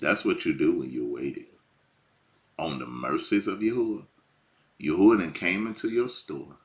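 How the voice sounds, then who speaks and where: A man preaching informally, swinging from hushed lines to near shouting. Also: deep voice. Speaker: bible teacher.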